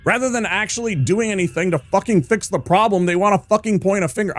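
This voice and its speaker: A man's voice: sits high, quick pace, few pauses, a bit bright, no room sound. A male streamer ranting hard with heavy swearing while he plays a game. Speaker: gaming streamer.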